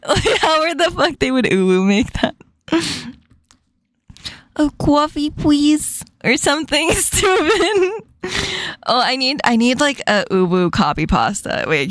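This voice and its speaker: A woman's voice: mid-range voice, very animated, normal speed, dry recording. A woman hosting a casual chat stream, giggling often and swearing casually. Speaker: streamer host.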